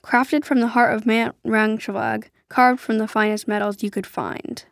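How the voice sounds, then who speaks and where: A woman narrating an adventure story aloud in a steady storytelling way. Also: fairly high pitch, moderate pace, no room sound, studio quality. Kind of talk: storybook reading.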